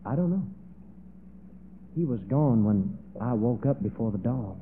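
A man voicing an aging, devoted mother who pleads in a high, tearful voice. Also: lively intonation, unhurried, gravelly, slight background noise. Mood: tender. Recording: tinny, phone-like echoey hall.

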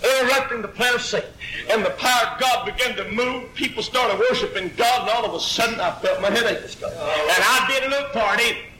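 A preacher with a high, very bright voice delivers an exclaiming, storytelling Pentecostal sermon. His words bounce around an echoey church hall with a faint hum of ambience underneath. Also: a little fast.

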